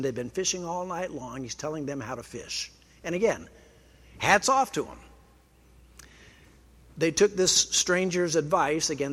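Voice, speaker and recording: A man's voice: on the high side, fairly bright tone, slightly rough. A man preaching a sermon in a conversational way, with dry self-deprecating humor. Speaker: pastor.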